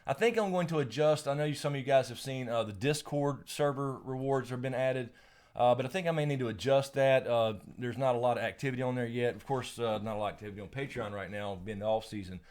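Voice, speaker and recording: A man's voice: medium pitch, fast talker, darkish tone. A man hosting a casual live stream, rambling with lots of fillers and restarts, laughing often, and reading out viewer names and questions.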